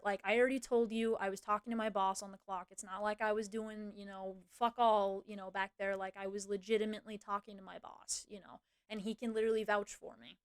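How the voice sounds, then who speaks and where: A woman's voice: mid-range voice, clean tone, dry recording, studio quality. A young woman streamer telling a work story to her chat in a casual, swear-heavy rant full of "like" and "you know", speeding up when she quotes herself. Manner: swears freely, many fillers like "like" and "you know"; animated, quick bursts when quoting herself.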